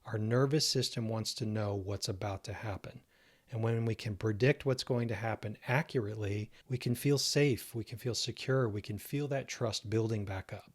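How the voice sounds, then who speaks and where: A man coaching listeners on relationships, speaking calmly and laying out his points step by step. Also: mid-range voice. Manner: calm, measured, explains step by step. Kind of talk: instructional self-help talk.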